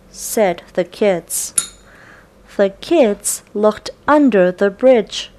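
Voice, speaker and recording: A woman reading a children's storybook aloud, slow and deliberate for young listeners. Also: mid-range voice, animated, a little mellow. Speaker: storybook reader.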